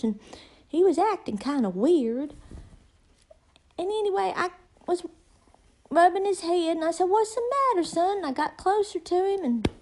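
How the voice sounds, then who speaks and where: A woman's voice: high-pitched, darkish tone. A middle-aged woman telling a rambling, folksy comic story in a casual monologue.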